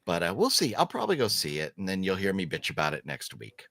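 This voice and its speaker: A man's voice: deep voice, huge pitch swings, fast, creaky, pushed and bright, no room sound, studio quality. A man hosting a casual movie chat, opinionated and emphatic, rambling with restarts. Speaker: podcast host.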